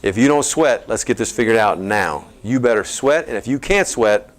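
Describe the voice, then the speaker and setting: Energetic Texan man, health talk to a live crowd, joking coach energy. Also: fairly low pitch, normal speed. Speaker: chiropractor giving a health talk. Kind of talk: lively seminar talk to a live audience.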